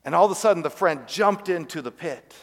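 A male pastor delivers a sermon in a slightly high voice, shaping it as a story. He lets his voice fall to a soft hush on the words that matter most. His voice trails off into a long reverb that fills the church sanctuary. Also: animated, a little fast.

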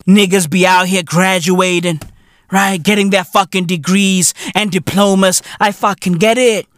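A man hosting a podcast, ranting in a loud, profane, mocking way. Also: sits high, steady tone, measured pace, dry recording, clean studio sound. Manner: loud, profane, mocking, often breaks into shouts and laughs. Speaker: podcast host. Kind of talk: comedic podcast rant.

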